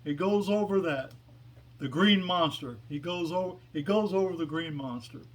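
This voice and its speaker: A man's voice: a little high, normal speed. A man telling a long joke as a casual story, meandering and hesitant with many fillers. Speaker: joke teller.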